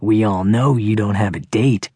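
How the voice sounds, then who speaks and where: A nervous teenage boy hiding behind sullen sarcasm, as a male audiobook narrator voices him. His lines come out cold and needling. The voice is husky and dry, with no room sound. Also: on the low side, moderate pace, mellow, dry recording. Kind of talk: audiobook character voice.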